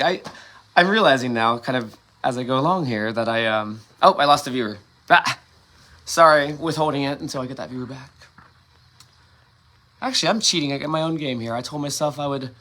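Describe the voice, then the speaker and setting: A man from Ohio hosts a late-night solo livestream, rambling, interrupting himself with frequent restarts, swearing, and laughing at himself. His voice is mid-range with a sharp tone.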